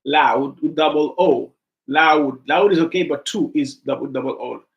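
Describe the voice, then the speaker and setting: A man teaching an English grammar class online, animated and repetitive as he coaxes his students to give examples. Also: fairly high pitch, moderate pace, gravelly, muffled recording.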